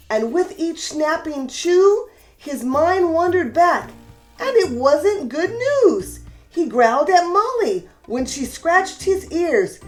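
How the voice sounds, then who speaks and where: A woman hosting a children's reading show and reading a rhyming story aloud with warm, expressive delivery. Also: sits high. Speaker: children's story reader, host. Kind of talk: read-aloud storytelling for kids.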